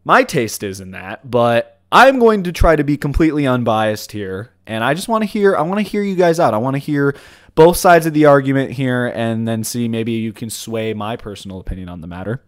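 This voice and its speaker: A man's voice: medium pitch, expressive, a little fast, no echo. Young guy podcast host, rambly, keeps restarting, dry close sound. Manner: rambling, restarts a lot, laughs easily. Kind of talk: casual chat.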